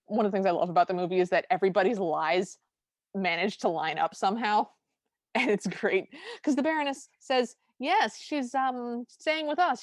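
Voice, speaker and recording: A woman's voice: medium pitch, no echo. Woman recapping a film, dry sound. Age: adult. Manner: animated storytelling with quoted lines. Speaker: podcast co-host. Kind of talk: casual movie recap chat.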